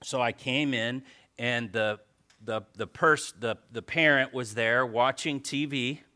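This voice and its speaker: Lively bright-voiced male pastor preaching. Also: medium pitch, measured pace. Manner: animated storytelling, swings from soft asides to loud exclamations. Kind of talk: sermon.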